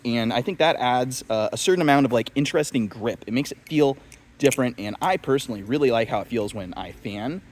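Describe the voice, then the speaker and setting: A man's voice: mid-range voice, a little mellow. A young man chatting casually in a video review, rambling with lots of fillers and self-deprecating asides. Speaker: knife reviewer.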